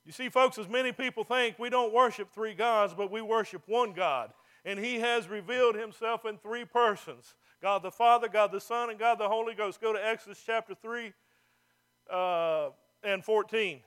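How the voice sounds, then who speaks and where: A man's voice: high-pitched, fairly even intonation, fairly quick, sharp tone, clean tone. A male pastor, preaching a folksy, fervent sermon to a church.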